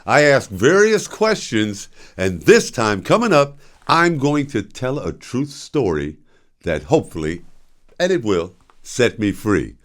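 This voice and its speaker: An older man hosts his own talk show, spinning casual stories and breaking into laughter often. His pitch rolls up and down in a lively way as he mimics voices from his tales, at an ordinary middle pitch. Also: a little slow. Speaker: show host. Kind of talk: casual storytelling monologue.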